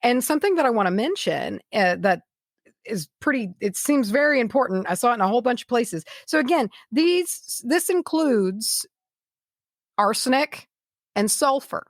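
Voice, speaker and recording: A woman co-hosting a podcast in loose, casual chat, rambling with plenty of fillers. Her voice sits at an ordinary pitch and sounds close and dry. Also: animated, moderate pace, dry recording. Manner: rambling, full of "like" and restarts. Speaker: podcast co-host.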